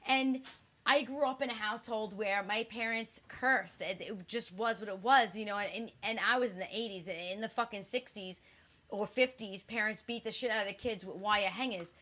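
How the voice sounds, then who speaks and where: A woman's voice: mid-range voice, moderate pace, sharp tone. A woman in her forties, co-hosting a casual chat, blunt and frank, swearing freely. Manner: frank, restless, many restarts. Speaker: podcast co-host.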